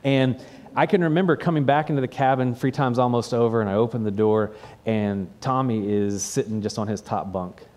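A man's voice: medium pitch, a little fast, darkish tone. A man who is a pastor, giving a sermon that retells a personal story in a conversational way and often repeats the first word of a phrase.

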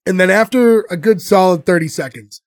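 A man with a notably high voice hosts a casual podcast chat. He retells scenes in a loose, rambling way, full of fillers and restarts. The sound is dry and close. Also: a little fast, no echo. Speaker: podcast host. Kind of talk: casual chat recapping a show.

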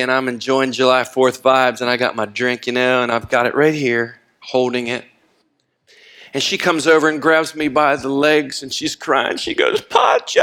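With a clean tone, an older pastor preaches, his sermon rising to loud, impassioned peaks and dropping to low, hushed moments. He mixes in folksy asides and laughs.

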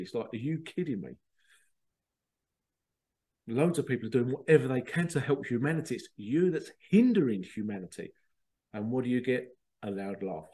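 A man's voice: mid-range voice, moderate pace, warm tone. Rambling man hosting a podcast. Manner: rambling, digressive, mocks others in put-on voices. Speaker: podcast host. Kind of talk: casual spoken monologue.

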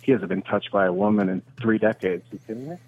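A man's voice: lowish voice, quick pace. A man on a phone call as an angry customer, talking in an exasperated, rambling way.

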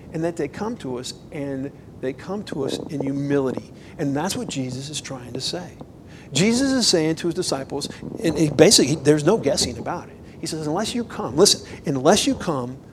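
Man, pastor, sermon, lively and emphatic, somewhat high voice, faint low rumble. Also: rough recording. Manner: animated, conversational, rises to emphatic bursts.

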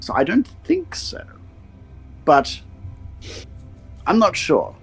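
A man voicing a male clockwork construct with gears, who speaks in a stilted, formal, halting way. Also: high voice, wildly swooping pitch, slightly rough, soft background music, voice pushed up, exaggerated voice. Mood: puzzled.

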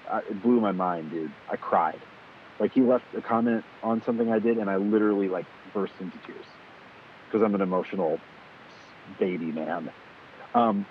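A man in casual conversation, animated and swearing freely, acting out quoted exchanges as he tells stories. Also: lowish voice. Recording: tinny phone-like sound with faint hiss.

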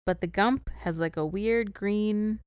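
A woman's voice: medium pitch, a little slow, a little mellow, clear, resonant tone, dry recording. A woman in casual chat, retelling a film's plot step by step and laughing often. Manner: chatty plot recap, giggly. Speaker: podcast co-host recapping a film.

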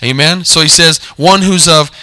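A man preaching a sermon as pastor, reading scripture slowly and asking the congregation questions he answers himself. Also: fairly high pitch, pushed and bright, no echo. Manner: call-and-response preaching, drawn-out scripture reading.

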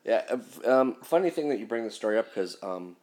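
A man co-hosting a podcast chats casually in a fairly low voice. He keeps up a stream of slangy reactions to his co-host's story. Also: lively intonation, a little fast, a little mellow. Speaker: podcast co-host. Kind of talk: casual chat.

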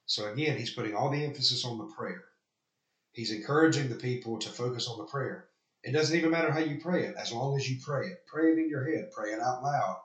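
A man's voice: medium pitch, fairly quick, roomy sound, rough recording. A man preaching a sermon, earnestly reading quoted lines aloud and then rebutting them. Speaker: pastor. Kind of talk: sermon critiquing an article.

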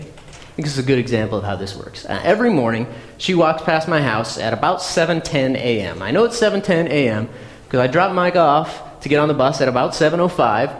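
A man giving a conversational sermon, reading scripture aloud and then explaining it, now and then acting out people's prayers in a mock voice. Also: mid-range voice. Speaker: pastor. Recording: long hall reverb, faint noise.

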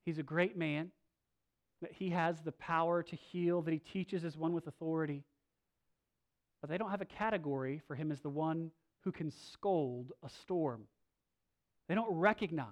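A male pastor preaching a sermon, moving between loud, slow emphasis and soft, low asides, with casual restarts. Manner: conversational, with filler restarts.

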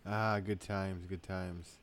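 A man in his thirties co-hosting a casual podcast, relaxed, giving short replies and laughing along. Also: low voice, slow pace. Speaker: podcast co-host. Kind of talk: casual chat.

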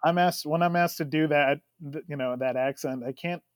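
A young man co-hosting a podcast, telling stories in an animated, laughing way. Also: fairly high pitch, normal speed, no echo, studio quality. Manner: animated, storytelling with frequent laughs. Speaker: podcast co-host. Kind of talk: casual chat.

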